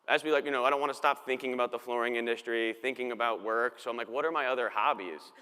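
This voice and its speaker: A man in his thirties gives a relaxed, joking keynote from a big conference stage. His voice is bright and smooth, and the hall adds a long ringing tail to every line. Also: mid-range voice. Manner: casual, joking storyteller. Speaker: keynote speaker.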